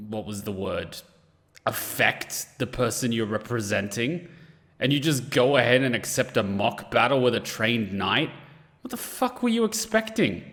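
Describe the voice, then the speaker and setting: A man's voice: medium pitch, fairly bright tone, long reverb tail. A man reacting to an anime episode, exasperated and swearing, firing off rhetorical questions. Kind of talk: casual reaction commentary.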